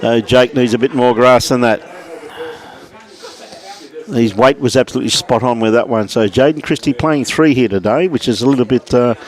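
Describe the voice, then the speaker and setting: A man with an Australian accent giving relaxed live lawn bowls commentary indoors at a club, calling the play and greeting viewers by name. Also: medium pitch, normal speed.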